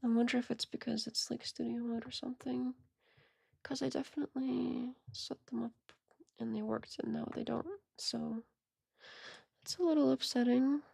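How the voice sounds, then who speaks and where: A woman streamer chatting casually as she reacts to videos, rambling with stammered restarts and quiet muttered asides. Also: a little high, steady tone, moderate pace, creaky, slightly rough, dry recording. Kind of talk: casual live-stream commentary.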